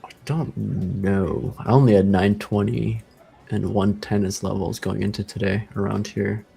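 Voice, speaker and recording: A man streaming live day trading, calling out orders and reacting excitedly to price moves, often swearing. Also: fairly low pitch, measured pace, creaky, soft background music. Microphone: headset over voice chat.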